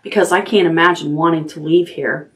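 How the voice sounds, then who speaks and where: A woman reading the lines of a hurt, guarded young girl, tentative and a little higher. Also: fairly even intonation, a little fast, fairly bright tone. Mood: eager.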